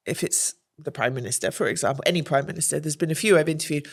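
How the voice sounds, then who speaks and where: A woman speaking as a podcast guest, candid and animated, telling anecdotes and acting out quoted voices with gasps. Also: deep voice, a little fast, gravelly. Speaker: guest, journalist and presenter.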